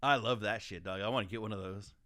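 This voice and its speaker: A man co-hosting a podcast, telling a story in profane, animated casual chat. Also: lowish voice, quick pace. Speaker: podcast co-host.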